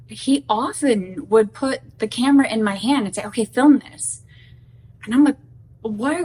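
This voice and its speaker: A woman's voice: mid-range voice, far from the mic, slight background noise, rough recording. A woman talking candidly in a casual vlog monologue, chatty and self-deprecating. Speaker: YouTuber's wife sharing her story.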